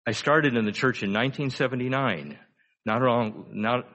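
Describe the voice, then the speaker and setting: A man's voice: medium pitch, a bit bright. Man preaching with rhetorical questions. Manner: conversational preaching, rhetorical questions, emphatic slowdowns. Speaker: pastor. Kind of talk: sermon.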